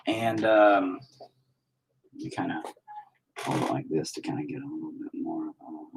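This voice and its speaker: A man's voice: medium pitch, moderate pace, low-quality recording. A man talking casually to his viewers while he paints, cursing constantly and mocking himself as he rants. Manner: profane, ranting, self-mocking. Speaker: painting vlogger.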